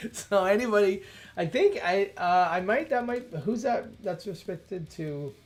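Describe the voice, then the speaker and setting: A man hosting a coding livestream, thinking aloud, often breaking off mid-sentence and exclaiming when something works. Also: high voice. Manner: chatty, self-interrupting, quick to exclaim at results. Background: faint background music.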